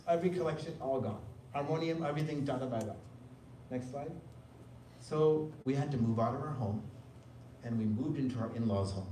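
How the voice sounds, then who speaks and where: Man telling a story in an echoey hall. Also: mid-range voice. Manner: animated storyteller, mimics voices when quoting. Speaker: devotional speaker. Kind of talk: personal testimony talk. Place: hall at a spiritual center. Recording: echoey room, voice from far off, faint room noise.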